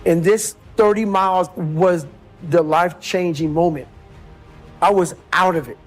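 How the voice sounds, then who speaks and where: Intense high-voiced man over music. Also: measured pace. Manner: intense, emphatic, blunt. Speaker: motivational speaker. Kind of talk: motivational speech compilation.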